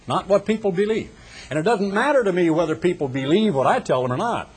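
An older man preaching a sermon, retelling scripture with dramatic storytelling that slows down and swells for emphasis. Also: a little high, sing-song, breathy edge.

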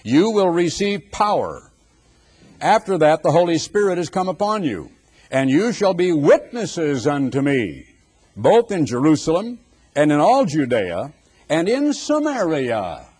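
An older man preaching a dramatic sermon, building forceful rhetorical lists. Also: a little high, big pitch swings, measured pace, breathy edge.

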